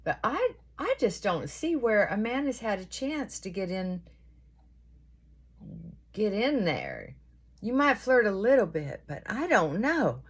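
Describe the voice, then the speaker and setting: A woman's voice: mid-range voice, slightly rough. A middle-aged woman chatting earnestly and giving advice while doing her makeup.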